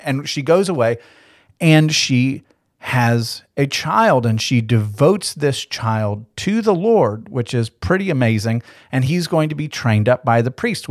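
A man's voice: mid-range voice, darkish tone, no echo. Man teaching scripture in a dry, close recording. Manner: conversational and explanatory, asks rhetorical questions. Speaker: Bible teacher. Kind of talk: podcast Bible teaching.

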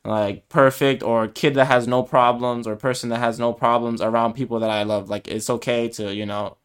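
A man's voice: mid-range voice, little pitch movement, normal speed, clean tone. A young man co-hosting a podcast, chatting casually in a hesitant, reflective way with many fillers. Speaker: podcast co-host. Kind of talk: casual conversation.

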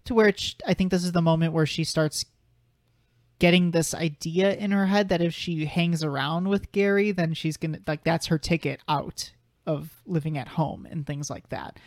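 A man's voice: fairly high pitch, fairly even intonation, moderate pace, dry recording, studio quality. A young man co-hosting a podcast, talking through a film in a casual, thoughtful way and arguing his point at length. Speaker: podcast co-host.

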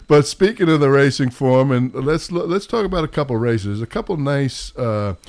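A man's voice: medium pitch, animated, moderate pace, a little mellow. A man with a New York accent hosting a casual sports chat, rambling and poking fun at himself. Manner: rambling, self-mocking. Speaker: podcast host.

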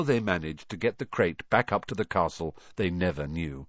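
A man reading a story aloud in an expressive, lively way. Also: sits low, moderate pace, dry recording. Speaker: reader. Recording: dull dry recording.

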